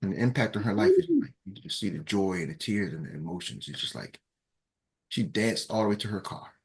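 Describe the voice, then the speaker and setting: A man speaks, a coach hosting his team's morning call. He tells his stories with energy, and his voice jumps higher whenever he acts out what someone said. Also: a little fast, creaky. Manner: animated storyteller, acts out quotes in raised voices. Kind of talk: casual storytelling to a team.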